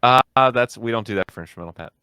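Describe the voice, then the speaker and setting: A man's voice: mid-range voice, quick pace, sharp tone, clear, resonant tone, dry recording, clean studio sound. A man co-hosting a casual music review podcast, upbeat and chatty. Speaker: podcast co-host.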